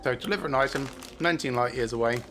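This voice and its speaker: A man's voice: medium pitch, fairly bright tone, a little hiss or hum. Man musing over a game. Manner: thinks aloud with many filler pauses. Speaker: streamer. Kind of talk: casual gameplay commentary.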